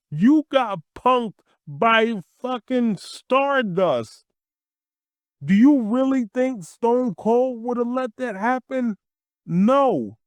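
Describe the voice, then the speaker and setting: High-voiced man ranting slowly. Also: dry recording. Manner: blunt, exasperated, swears freely. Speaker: wrestling commentary YouTuber. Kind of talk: profane rant to camera.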